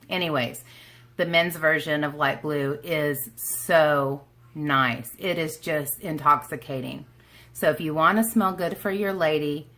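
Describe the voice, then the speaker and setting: A woman with an Oklahoma twang talks to her viewers in a loose, rambling way, full of asides and self-deprecating jokes. Her voice sits a little low but has a bright, forward edge. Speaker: beauty vlogger. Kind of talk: casual chat to camera.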